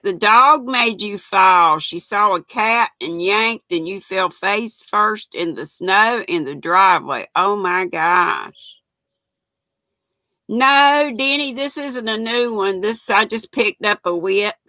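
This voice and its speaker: A woman's voice: on the high side, bright, forceful tone, dry recording, low-quality recording. An older woman, hosting a knitting livestream, chatting folksily and greeting viewers by name. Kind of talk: casual live chat reading comments.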